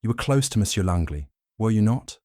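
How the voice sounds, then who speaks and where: A man voicing a polite, probing older detective in an audiobook, smooth and gently insistent. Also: lowish voice, expressive, a little fast, no room sound, clean studio sound, pitched above the performer's own voice, natural voice. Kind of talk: audiobook character voice.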